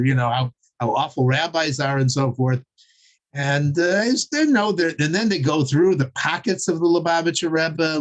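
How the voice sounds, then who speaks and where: A man teaching a class and retelling a story, stumbling over and repeating his words, with frequent fillers and chuckles. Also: on the high side. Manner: chuckles while telling. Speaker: Torah teacher.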